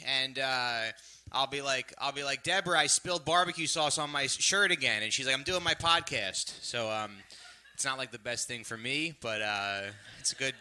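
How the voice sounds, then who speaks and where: A man's voice: mid-range voice, pushed and bright, clear, resonant tone. A man in his thirties doing a stand-up set at a live show, rambling and self-deprecating with lots of fillers, on a stage mic. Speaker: stand-up comedian. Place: live comedy show venue. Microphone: stage microphone.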